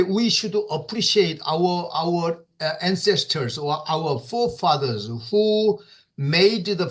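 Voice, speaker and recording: A man with a Korean accent teaching an English class online. He repeats words often, fills pauses with "uh", and checks in with "okay?". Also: on the high side, fairly bright tone. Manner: slow, repeats words, many fillers, asks "okay?".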